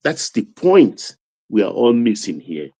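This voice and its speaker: A man's voice: lowish voice, sing-song, unhurried, mellow, husky, no echo. A man with a Nigerian accent giving emphatic political commentary, pressing his points with rising intensity. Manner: emphatic, building to raised intensity.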